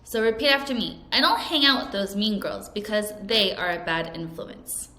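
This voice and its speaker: A woman teaching English vocabulary to children in a recorded lesson. She speaks clearly and over-enunciates, and she prompts the class to repeat after her. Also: mid-range voice, normal speed, bright, forceful tone. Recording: echoey room.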